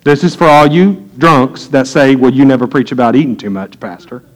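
A middle-aged pastor preaches a sermon, telling homely family stories and talking straight to the pews. His voice sits at an ordinary mid pitch for a man. He moves from folksy asides to earnest preaching. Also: animated, a little fast. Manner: folksy storytelling, preaching to a congregation.

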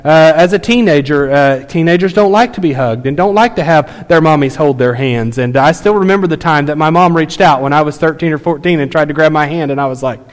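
A man's voice: fairly high pitch, a little fast, few pauses. A man in his thirties preaching a sermon, telling a family story in a conversational way with many fillers. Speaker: pastor. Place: church sanctuary. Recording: long hall reverb.

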